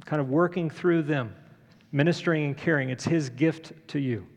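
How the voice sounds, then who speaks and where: A middle-aged man preaching a sermon, telling a story conversationally with many pauses and fillers. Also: fairly high pitch. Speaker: pastor. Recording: long church reverb.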